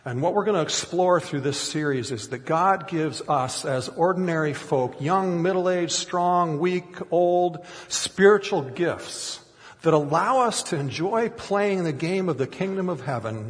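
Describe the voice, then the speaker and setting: A man's voice: a little high, big-room sound. A middle-aged man preaching a sermon as a pastor, telling stories animatedly and acting out the quotes. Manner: animated storytelling with acted-out quotes.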